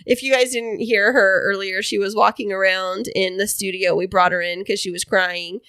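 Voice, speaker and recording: A woman's voice: medium pitch, fairly even intonation, moderate pace, bright, forceful tone, clear, resonant tone, no room sound. A woman co-hosting a casual podcast in a home studio, teasing and laughing easily. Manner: teasing, giggly, playful. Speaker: podcast co-host. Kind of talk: casual chat.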